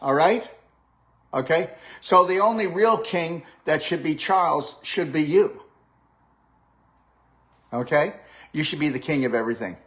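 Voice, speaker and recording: A man's voice: a little high, lively intonation, measured pace, pauses often, a bit bright. An older man hosting a live-stream chat with a guest, talking in an upbeat, coaching way and often checking in with "okay? all right?". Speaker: host and health practitioner.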